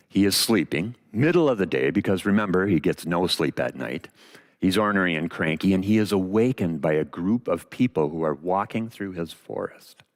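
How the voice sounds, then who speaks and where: A man preaching a sermon, retelling a story with dramatic pauses and expressive delivery. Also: lowish voice.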